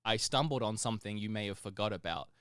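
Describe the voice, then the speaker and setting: Animated male podcast co-host, smooth tone, dry booth sound. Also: on the low side, fast talker, no echo. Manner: animated storyteller, laughs often. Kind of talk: casual chat.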